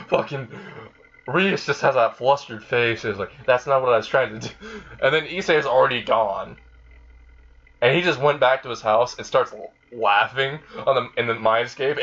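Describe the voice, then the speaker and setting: A man's voice: medium pitch, fairly bright tone, lo-fi sound. A man casually retelling a fan-made story in a rambling way, with many fillers. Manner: rambling, frequent fillers and laughing.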